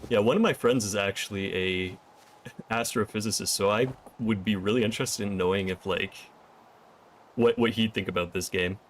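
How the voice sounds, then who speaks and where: A fairly low-voiced man streaming a game, talking through what he finds as he goes. He chats easily with viewers and thanks them by name. Faint ambient noise sits behind him. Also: fairly even intonation, moderate pace. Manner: thinks aloud and chats with viewers. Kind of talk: casual gameplay commentary.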